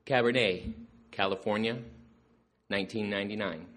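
A man's voice: fairly low pitch, moderate pace, fairly bright tone, slight background noise, natural voice. A man voicing a smug wine expert in a joke, pronouncing each word with care. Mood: confident.

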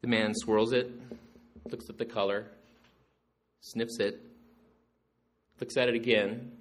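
A man telling stories about his father to a gathering, animated and acting out the jokes. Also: fairly low pitch, takes it slowly, slight background noise. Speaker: storyteller remembering his father. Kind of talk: storytelling to a gathering.

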